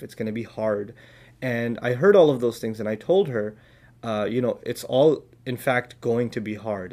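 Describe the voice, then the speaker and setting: A man's voice: medium pitch, a little mellow. Earnest man giving religious advice. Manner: earnest, storytelling, translating verses as he goes. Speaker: Islamic speaker.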